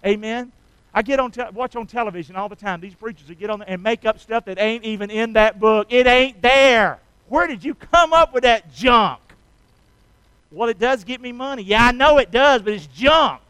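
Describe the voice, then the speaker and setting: High, folksy preacher man. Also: fairly bright tone, clear, resonant tone, no room sound, low-quality recording. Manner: folksy, calls out to congregation, rhetorical questions. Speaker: pastor. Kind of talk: sermon.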